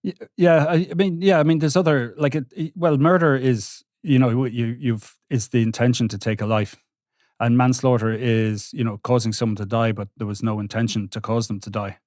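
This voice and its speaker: A man, a court reporter recounting trial testimony on a podcast with halting restarts. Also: medium pitch, fairly even intonation, a little mellow, dry recording, studio quality. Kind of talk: podcast discussion.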